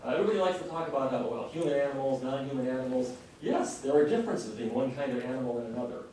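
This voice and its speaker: A man's voice: medium pitch, expressive, rapid-fire, warm tone, a little hiss or hum. A middle-aged man giving an earnest, impassioned public lecture. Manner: earnest, impassioned, varying pace. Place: lecture hall. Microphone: distant room mic. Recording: very echoey hall recording from a distance.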